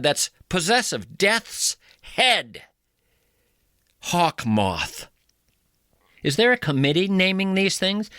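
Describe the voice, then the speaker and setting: A male radio host doing a comic monologue with playful mock-outrage and drawn-out emphasis. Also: sits high, a bit bright, no echo, studio quality.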